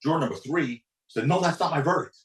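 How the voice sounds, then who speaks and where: At a quick pace, a man serving as a podcast's guest attorney animatedly recounts a courtroom story, performing quotes with big pitch swings. The studio audio is roomy and low quality, with slight background noise.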